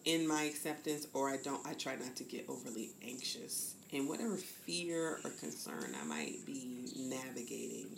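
A woman's voice: a bass voice, animated, normal speed, vocal fry, hardly any pauses. Candid Southern woman in her fifties. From American South. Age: 50s. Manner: candid, acts out quoted voices. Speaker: podcast guest. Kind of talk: reflective conversation. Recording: echoey room with faint noise.

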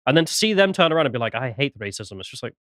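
A male podcast co-host who talks fast and tells anecdotes full of mocking impressions. His voice is bright and forceful, and his pitch moves a lot. The sound is close and dry. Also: animated, no room sound. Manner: quick storytelling with mocking impressions. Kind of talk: casual political discussion podcast.

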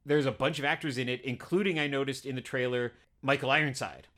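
Guy on a movie podcast, chatty and upbeat, middle pitch, from canada. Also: quick pace, fairly bright tone. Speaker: podcast co-host, cinema programmer. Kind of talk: casual chat.

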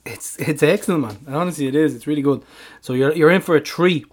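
A man's voice: fairly high pitch, fast talker. A man co-hosting a podcast in a laid-back, jokey, rambling chat. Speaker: podcast co-host. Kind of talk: casual chat.

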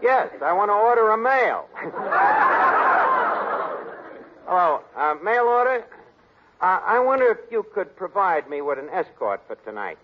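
A man's voice: high-pitched, huge pitch swings, crowd noise, heavily acted. A man playing a brash wisecracking tavern manager. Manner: fast-talking wisecracks, mangled grammar. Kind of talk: 1940s radio sitcom acting. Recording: lo-fi 1940s radio broadcast, studio audience laughter, hiss.

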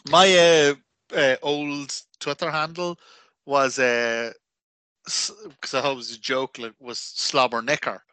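A man's voice: medium pitch, flat delivery, slow, pushed and bright, smooth, no echo. A man with an Irish accent, co-hosting a wrestling podcast in casual, crude, joking chat. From Ireland. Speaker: podcast co-host.

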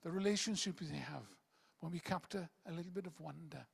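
Guy preaching, high voice, rambles then gets loud then goes quiet, big echoey hall. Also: brisk, gravelly, slightly rough. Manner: rambling, with sudden loud emphatic bursts and hushed drops. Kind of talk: sermon. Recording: long reverb of a large hall.

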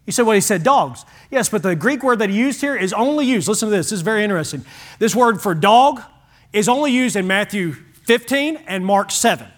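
A man preaching a sermon as pastor, folksy and animated, swinging from loud to hushed. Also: sits high, fairly quick.

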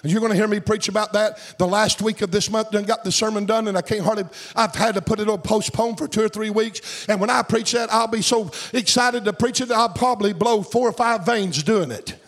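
Male pastor, high voice, fervent revival sermon with shouted peaks and a sing-song lilt. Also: steady tone, brisk, hardly any pauses.

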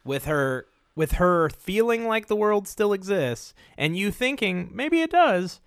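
A man co-hosting a casual podcast, chatting about films in a relaxed, agreeable way. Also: sits high, measured pace, clean tone, no echo, studio quality. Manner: relaxed, agreeable, many likes. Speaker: podcast co-host.

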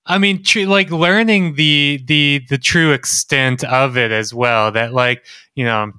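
A man's voice: mid-range voice, a little slow, bright, forceful tone, smooth, dry recording. A man co-hosting a podcast in casual chat, stressing his points by repeating them. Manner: emphatic, repeats key points. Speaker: podcast co-host.

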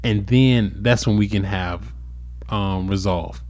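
A man co-hosting a casual chat, animated and playful, acting out quoted lines as he talks. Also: on the low side, slow, no echo. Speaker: podcast co-host; father of boys.

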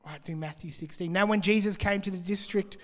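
A man preaching in a big hall, his voice trailing off in a long reverb. He speaks a little higher than most men and keeps a lively, conversational style as he explains scripture. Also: brisk. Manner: conversational and animated, laughing between points. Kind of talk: sermon, reading and explaining scripture.

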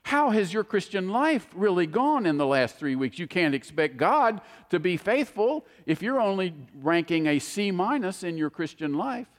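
A woman's voice: on the low side, sing-song, moderate pace, hardly any pauses. A woman voicing a sly, mocking devil. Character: sly tempting male devil, the enemy. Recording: long hall reverb.

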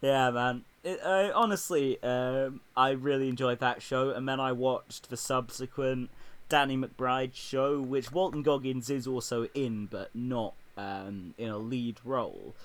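A man's voice: medium pitch, measured pace. Guy chatting about a tv show, laughs a lot, medium voice. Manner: laughs often, acts out quotes. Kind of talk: casual chat about TV.

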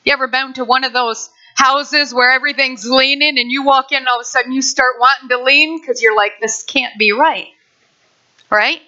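Woman pastor, sermon. Bright, slightly high voice, conversational and playful; muffled lo-fi recording. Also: a little fast, few pauses. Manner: lively, conversational preaching with playful asides. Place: church sanctuary.

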